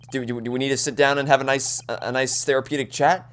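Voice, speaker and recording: A let's-play host gives chatty, joking commentary while playing through a story game, stumbling and restarting as she talks. Her voice is rumbling low and fast, with a little hiss or hum in the recording.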